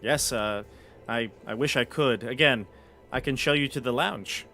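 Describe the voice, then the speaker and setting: A man's voice: mid-range voice, unhurried, bright, forceful tone, soft background music. Een man die een formele, oudere butler speelt in een live tabletop-spel, beleefd en onderdanig. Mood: polite. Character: formal older male butler servant.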